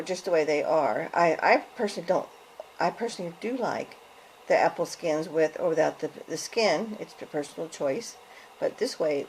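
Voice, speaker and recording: A woman's voice: low-pitched, darkish tone, a little hiss or hum, rough recording. A woman chatting casually through a home cooking how-to, homey and loose, often correcting herself as she goes, recorded at home. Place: home kitchen and dining room.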